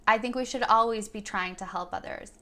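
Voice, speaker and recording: A young woman vlogger telling a personal story in an earnest, thoughtful way. Her voice sits a little high and sounds bright and clear. She quotes her own words as she goes. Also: fairly quick. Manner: earnest and thoughtful, quoting herself in dialogue. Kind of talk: reflective first-person storytelling.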